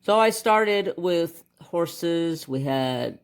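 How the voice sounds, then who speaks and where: A man hosting a craft channel, telling a rambling childhood story in a casual way while he colors, muttering to himself over which color to pick and getting animated at the exciting parts. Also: fairly high pitch, extremely slow, clean tone. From United States.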